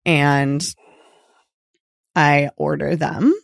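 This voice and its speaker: A woman co-hosting a podcast in casual chat, laughing often and telling deadpan jokes. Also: sits low, very slow, vocal fry, no echo, studio quality. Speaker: podcast co-host.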